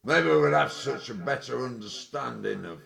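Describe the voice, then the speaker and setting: Gravelly man on a sweary rant. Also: mid-range voice, expressive, moderate pace, crowd noise. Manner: angry, sweary, rambling rant with sudden loud outbursts. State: tipsy. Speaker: vlogger. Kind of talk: ranting monologue.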